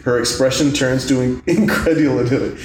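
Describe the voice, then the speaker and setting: A man's voice: medium pitch, fairly even intonation, normal speed. A man reading out the stage directions in a comedic script table read, dropping in wry asides. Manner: reads directions, laughing asides. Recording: echoey room, faint noise.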